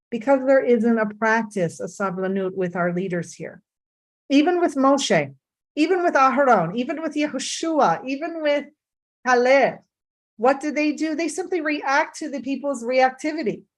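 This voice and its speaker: A woman teaching Torah and mindfulness in a reflective way, often checking in with her listeners. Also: on the high side.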